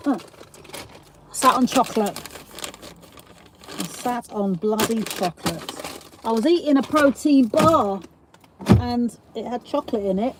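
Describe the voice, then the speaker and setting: High-voiced South East London woman, rambling. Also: measured pace, long pauses, background noise. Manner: rambling, giggly storytelling with casual swearing. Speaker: livestream host. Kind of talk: casual live-stream chat.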